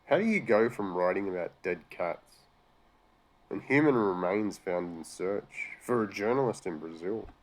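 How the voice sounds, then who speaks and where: Australian male host, low register, profane, sarcastic, exasperated commentary. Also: expressive, unhurried. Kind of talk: profane rant reacting to news articles.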